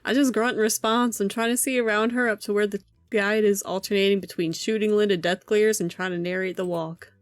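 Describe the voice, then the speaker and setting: A woman's voice: mid-range voice, fairly even intonation, a little fast, no room sound. Amused, swearing woman streamer. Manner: profane, amused, laughing often. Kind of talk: reading a visual novel aloud with commentary.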